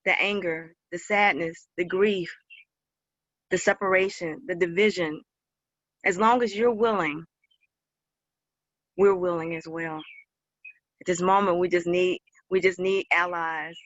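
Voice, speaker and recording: Slow, emotional woman on a muffled call. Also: fairly low pitch, fairly bright tone, dry recording. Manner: emotional, rhythmic, repeating phrases. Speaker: speaker in online circle. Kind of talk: heartfelt speech.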